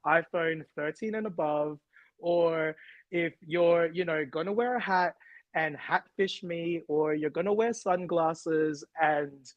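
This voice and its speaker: A man's voice: fairly high pitch, slow pace, dry recording, muffled recording. An Australian man in his thirties co-hosting a podcast, chatting casually, laughing often and ranting with energy. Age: 30s. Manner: giggly, animated ranting. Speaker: podcast co-host. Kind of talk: casual chat.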